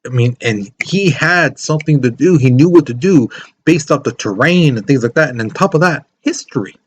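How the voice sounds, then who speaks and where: A man's voice: medium pitch, expressive, normal speed, breathy edge. A man teaching a history lesson in a casual, conversational way, full of asides and fillers. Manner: conversational, many fillers like "you know" and "things like that". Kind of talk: casual classroom lecture.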